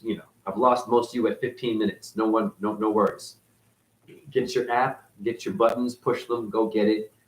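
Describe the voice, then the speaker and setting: A man rambling through a profane spiritual monologue, dropping to mutters and then jumping up in excited bursts. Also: medium pitch, low-quality recording. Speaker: spiritual video host.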